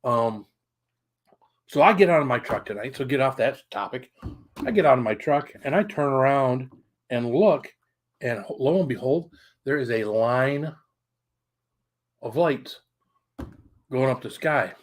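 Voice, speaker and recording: Middle-aged male streamer, mid-pitch, loose rambling storyteller who swears casually. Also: animated, unhurried, pauses often. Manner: rambling, chatty, greets viewers mid-story; colorful swearing. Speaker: livestream host.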